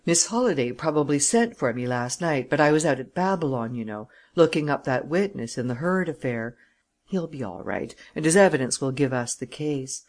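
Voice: medium pitch, lively intonation, normal speed, natural voice. A reader voicing an agitated junior lawyer in an audiobook, urgent and given to emotional outbursts. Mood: brisk. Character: agitated middle-aged male junior lawyer. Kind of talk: audiobook character reading.

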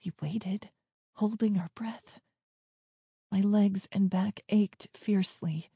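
Slow, breathy woman narrating a story. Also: medium pitch, warm tone, dry recording, clean studio sound. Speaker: audiobook narrator. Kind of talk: scripted first-person story narration.

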